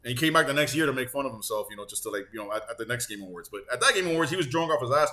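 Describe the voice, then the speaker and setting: A man's voice: medium pitch, very fast. A man hosting a gaming channel, ranting casually and sarcastically with lots of swearing, a bit stuffed up. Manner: profane, animated, sarcastic. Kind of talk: casual on-camera rant.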